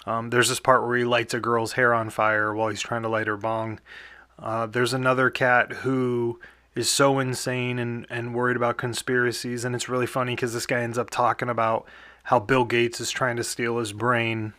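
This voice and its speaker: A man's voice: medium pitch, flat delivery, normal speed, pushed and bright, dry recording, studio quality. A young man hosting a casual podcast, rambling through a movie review with lots of fillers and small chuckles.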